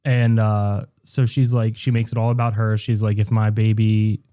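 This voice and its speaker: A man's voice: on the low side, flat delivery, moderate pace, dark tone. A man co-hosting a podcast, recapping a movie in crude, joking casual chat. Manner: crude, joking, acts out characters in put-on voices. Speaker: podcast co-host.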